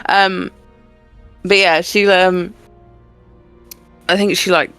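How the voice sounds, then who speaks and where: Woman tabletop player, slow, low-ish voice, hesitant delivery. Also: steady tone, fairly bright tone, smooth, no echo, faint music behind. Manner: hesitant, many fillers, laughing. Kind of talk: tabletop role-play chat.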